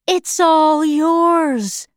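A woman's voice: on the high side, animated, slow pace, no room sound, clean studio sound. A woman reading aloud, voicing a cruel, mocking male officer in a storybook. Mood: sneering. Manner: sneering, contemptuous.

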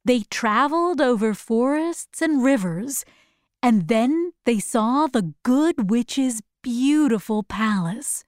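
A woman narrating a storybook in a slow, clear, expressive read-aloud. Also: on the high side, no room sound, clean studio sound.

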